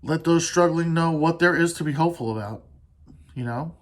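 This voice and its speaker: A man hosting a solo podcast, talking in an earnest, halting way with restarts and pauses, swearing casually as he opens up. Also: fairly high pitch. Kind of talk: candid solo podcast monologue.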